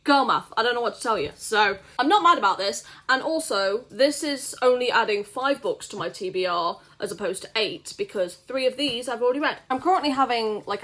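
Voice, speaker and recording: British woman, young, casual book vlogger, slightly high voice, sweary ranter. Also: a bit bright. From Britain. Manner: chatty, swears freely, ranting in mock outrage. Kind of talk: casual vlog chat.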